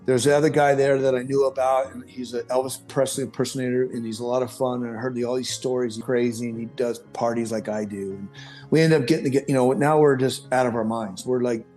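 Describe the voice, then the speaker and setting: A middle-aged man tells his story in a loose, rambling way, circling back to correct himself. His voice sits at an ordinary pitch. Faint music plays under the talk. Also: fast. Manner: rambling, animated, with self-corrections. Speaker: podcast guest. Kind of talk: personal storytelling.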